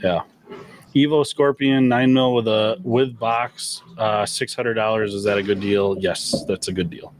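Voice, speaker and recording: A man's voice: on the low side, fairly even intonation, measured pace, slight background noise. A man hosting a gun shop livestream, reading viewer questions in a laid-back, chuckling way with lots of fillers.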